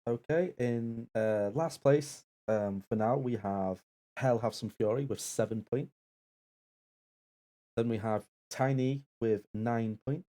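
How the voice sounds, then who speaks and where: A man co-hosting a live game stream who reads out scores and chats in a plain, unhurried way. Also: mid-range voice, warm tone. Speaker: co-host and scorekeeper. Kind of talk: casual live-stream banter.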